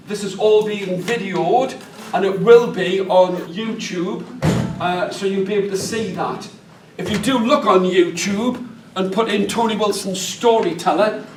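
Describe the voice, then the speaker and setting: A man's voice: high-pitched, recorded from a distance, a little hiss or hum. A man with a northeast English accent leads a storytelling workshop, chatty and jokey, engaging the room. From northeast England. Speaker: storyteller leading a teacher workshop. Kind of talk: lively workshop talk to an audience. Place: large hall with an audience. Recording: echoey hall, mic from afar.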